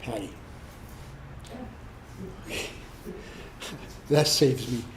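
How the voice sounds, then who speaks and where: A man, a pastor, leading a slow prayer and blessing in short repeated phrases. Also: mid-range voice, reverberant, background noise. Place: church hall.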